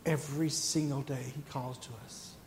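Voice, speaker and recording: Man preaching softly in an echoing hall. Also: medium pitch, little pitch movement, a little hiss or hum. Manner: soft, slow, then rising to fervent emphasis. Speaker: pastor. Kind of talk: sermon. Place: church sanctuary.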